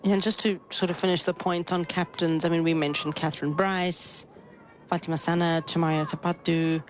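A woman giving expert cricket analysis, measured and thoughtful, making her points with statistics. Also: fairly low pitch, fairly even intonation, slight background noise. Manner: thoughtful, measured, explains with stats. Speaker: cricket pundit.

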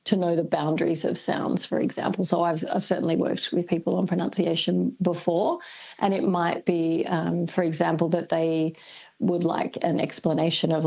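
An Australian woman speaks as a guest linguist on the radio. Her voice sits a little low, with a husky, gravelly texture. She explains patiently and hesitantly, her words a touch muffled by the broadcast. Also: level tone, moderate pace, darkish tone. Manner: thoughtful, hesitant with many ums. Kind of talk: radio interview.

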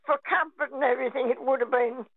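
An older woman calling in to radio, gentle and a little hesitant as she talks. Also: high-pitched, fairly even intonation, fast, no echo. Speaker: radio caller. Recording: phone line.

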